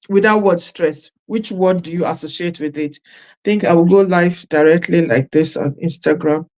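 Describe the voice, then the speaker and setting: A woman's voice: on the low side, a little mellow. A woman life coach leading a live-streamed session, who repeats her questions to viewers and stresses the words she lists. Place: streaming live at home or studio.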